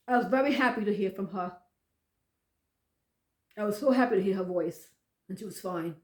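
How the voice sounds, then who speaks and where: A woman pastor telling a personal story, emotional and animated, often repeating phrases. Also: mid-range voice, brisk, long pauses, roomy sound.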